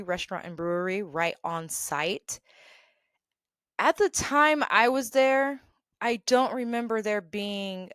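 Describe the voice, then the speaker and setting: A woman's voice: medium pitch, smooth, no room sound, studio quality. Chatty woman host spinning work stories. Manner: chatty and animated, acting out dialogue with quick asides. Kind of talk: casual storytelling.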